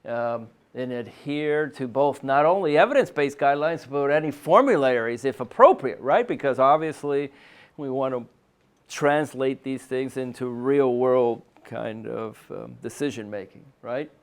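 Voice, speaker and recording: Speaking a little slowly in a smooth, mid-range voice, a man delivers a medical conference lecture to clinicians gathered in a meeting room. His style is conversational, peppered with "um" and the tag question "right?" as he regularly checks in with the panel.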